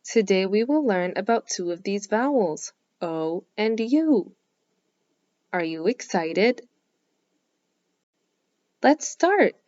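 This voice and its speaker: Very slow, clearly spoken woman teacher. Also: mid-range voice, expressive, dark tone, no echo, lo-fi sound. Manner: encouraging and praising, sounds stretched out. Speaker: kindergarten phonics teacher. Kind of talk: slow, clearly enunciated lesson for young children.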